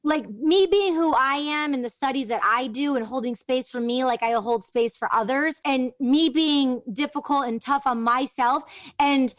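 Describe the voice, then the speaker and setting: A woman's voice: high voice, moderate pace, no echo. A woman hosting an interview, telling a long, rambling personal story in a loose, chatty way with many fillers. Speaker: podcast host. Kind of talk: casual interview chat.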